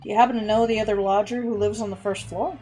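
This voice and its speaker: A woman's voice: mid-range voice, fairly even intonation, fast, warm tone, faint music behind, natural voice, low-quality recording. A woman voicing an earnest young male lawyer who asks questions. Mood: inquiring.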